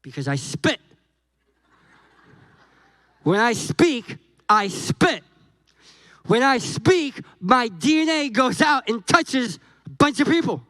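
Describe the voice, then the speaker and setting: Guest pastor, male, very high voice, slow deliberate delivery, jokey storyteller who voices the characters in his sermon. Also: no echo, low-quality recording. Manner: animated, jokey, acts out dialogue with God and Moses.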